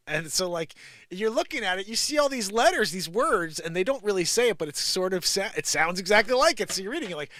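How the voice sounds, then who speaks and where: A man's voice: on the high side, quick pace, no room sound, studio quality. Giggly man riffing on the news. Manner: giggly, rambling, animated. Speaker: live comedy show host. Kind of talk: improvised comedy news riff.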